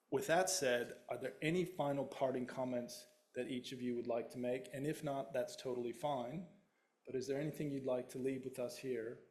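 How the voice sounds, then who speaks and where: A man's voice: medium pitch, darkish tone. A man moderating a panel discussion, talking in a frank, joking way with casual swearing.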